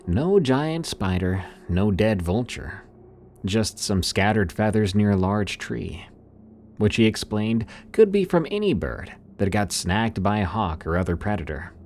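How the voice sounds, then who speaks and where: A man with a low voice tells a scripted horror story with dramatic, suspenseful delivery. His pitch rises and falls freely as he narrates, and a faint hum of ambience sits under the voice. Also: a little mellow.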